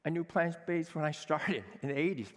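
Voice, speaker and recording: A man in his sixties, a chef giving an energetic, emphatic conference talk, acting out quoted dialogue. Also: fairly high pitch, normal speed. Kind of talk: conference speech. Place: conference hall with a seated audience. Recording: long hall reverb.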